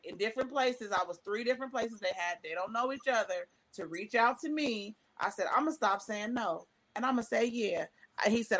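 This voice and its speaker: A middle-aged woman, a stand-up comedian, telling a long personal story in casual chat, acting out quotes from the people in it. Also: medium pitch. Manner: animated, quotes people in voices, emotional.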